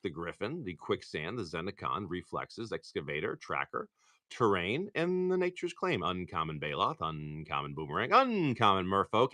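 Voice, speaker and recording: Lively chatty man opening card packs. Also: fairly low pitch, dry recording. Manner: chatty, swearing, reads off card names. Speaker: livestream card-pack opener. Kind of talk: casual livestream chat.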